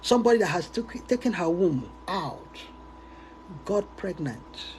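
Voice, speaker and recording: A male preacher telling an animated, laughing story in a sermon. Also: high voice, unhurried, a little hiss or hum, rough recording.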